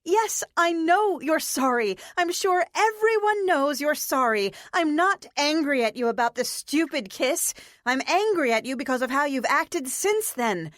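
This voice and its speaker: A woman voicing a fiery young woman who scolds the man she likes, raising her pitch for her in an audiobook reading. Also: sing-song, unhurried, few pauses, no room sound, clean studio sound. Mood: exasperated. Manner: sharp, scolding. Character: fiery young woman, exasperated love interest.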